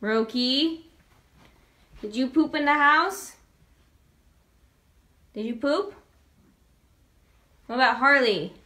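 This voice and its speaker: A woman's voice: slow pace, long pauses, pushed and bright, reverberant. A woman questioning her dogs in an accusing way about who made a mess in the house. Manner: accusing, high-pitched questioning. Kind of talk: scolding pet dogs.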